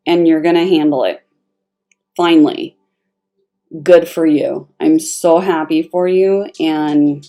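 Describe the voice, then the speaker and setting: A woman giving a casual, expressive tarot reading, talking straight to the viewer with emphatic asides. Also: low-pitched, takes it slowly. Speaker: tarot reader.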